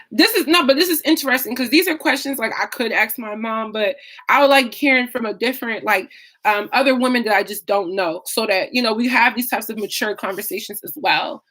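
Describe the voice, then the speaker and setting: A woman's voice: fairly high pitch, a little fast. Chatty young woman on a livestream. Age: young adult. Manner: chatty and expressive, reacting loudly to comments. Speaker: YouTube live streamer. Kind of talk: casual livestream chat reading comments.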